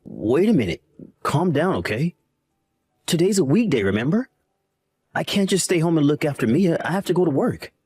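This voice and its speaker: Evasive lying son played by a man, husky, dry close sound. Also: fairly high pitch, sing-song, moderate pace, long pauses, a little mellow, no room sound. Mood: defensive. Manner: defensive, evasive. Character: lying evasive adult son, young father. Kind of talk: scripted story acting.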